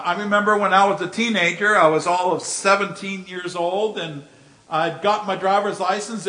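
A male preacher giving a folksy sermon with jokes and stories, often repeating words as he goes. His voice sits high. The sound echoes around the room. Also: fairly bright tone.

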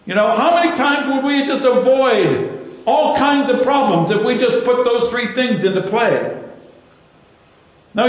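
A male pastor preaching a sermon in a conversational way, repeating words and asking the congregation questions. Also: sits high. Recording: very echoey room.

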